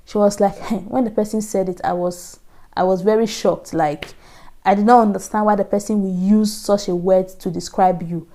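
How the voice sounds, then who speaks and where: A Nigerian woman vlogger telling a personal story in a lively, animated way, acting out the voices she quotes. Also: medium pitch, normal speed. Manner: animated, acts out quoted voices, frequent laughs. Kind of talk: casual storytelling.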